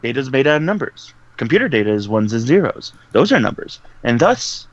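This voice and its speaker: A man's voice: medium pitch, big pitch swings, brisk, no room sound. A man playing a tabletop game, narrating his character's actions in a rambling, laughing way. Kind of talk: casual play narration. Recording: dull lo-fi dry mic.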